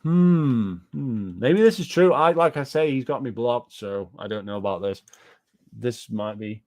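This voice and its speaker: A man's voice: medium pitch, measured pace, darkish tone, dry recording. A man ranting casually on a livestream, reacting to chat in a rambling, profane, incredulous way.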